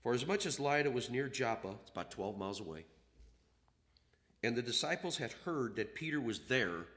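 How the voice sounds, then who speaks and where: Animated male preacher with a lively voice. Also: medium pitch. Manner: animated, acts out quoted voices, reads scripture aloud. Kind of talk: sermon.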